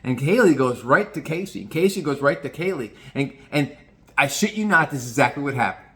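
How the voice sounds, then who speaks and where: Man, casual storytelling, lively pitch, animated, swearing. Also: brisk. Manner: animated, swearing, lots of restarts. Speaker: vlogger.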